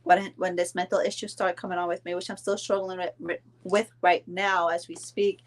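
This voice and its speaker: A woman's voice: lowish voice, little pitch movement, moderate pace. A woman in her forties from Belize, talking casually and rambling with lots of fillers on a live stream. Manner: chatty, rambling, many fillers and restarts. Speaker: vlogger.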